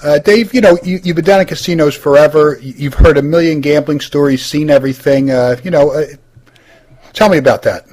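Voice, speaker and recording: A man's voice: on the high side, fairly quick, a little mellow. A man hosting a comedy roast, interviewing classmates with lots of hesitant fillers.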